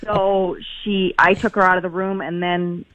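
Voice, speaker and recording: A woman calling in to a radio show, telling her story in a hesitant, halting way with many fillers. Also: on the low side, level tone, a bit bright, no echo. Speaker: caller. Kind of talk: phone-in call. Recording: tinny phone line.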